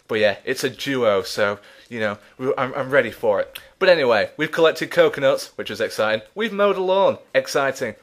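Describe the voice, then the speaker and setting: A man's voice: medium pitch, fairly bright tone. A man commentating his gameplay in a casual, chatty way, out of breath, self-mocking and laughing often. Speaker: let's play host.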